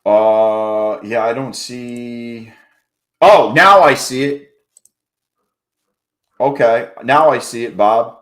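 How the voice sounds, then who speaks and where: Male stream host, casual and profane, banters with chat in an average-pitched voice. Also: drawn-out words, long pauses, a bit bright. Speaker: livestream trading host.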